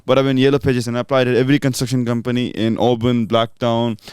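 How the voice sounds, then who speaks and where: A man's voice: medium pitch, level tone, quick pace, a little mellow, clear, resonant tone, no room sound, studio quality. A young man, co-hosting a podcast and telling work stories in a laid-back way. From Australia. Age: young adult. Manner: laid-back, says "bro" a lot. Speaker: podcast co-host. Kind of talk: casual chat, storytelling.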